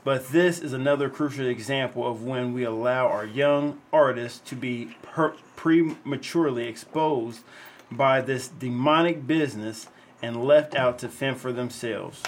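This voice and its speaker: A man's voice: mid-range voice, measured pace. Earnest man giving his take, with faint hiss. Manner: earnest commentary, relaxed, loose. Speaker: podcast co-host. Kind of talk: casual chat, reading a news segment.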